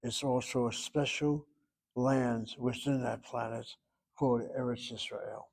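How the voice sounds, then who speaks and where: A middle-aged man teaching Hebrew in a classroom lecture, thinking aloud and pausing to search for terms. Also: mid-range voice, fairly even intonation, creaky, a little mellow.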